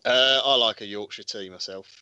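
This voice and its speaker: A man's voice: on the low side, normal speed, pushed and bright, smooth, no room sound, muffled recording. A man, a podcast guest, blunt and swearing in casual banter. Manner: blunt, swears, mock outrage.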